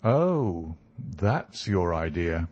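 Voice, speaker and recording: Brief: cool, superior detective lecturing precisely, low and very slow, read by a man. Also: sing-song, darkish tone, no echo, dull audio, heavily acted.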